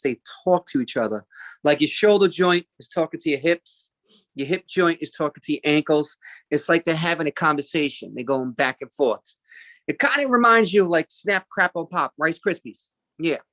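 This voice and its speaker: A man's voice: fairly high pitch, sharp tone, dry recording. A man in his forties doing a stand-up routine, rambling and chatty, with lots of fillers and asides. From Italian-American. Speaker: stand-up comedian.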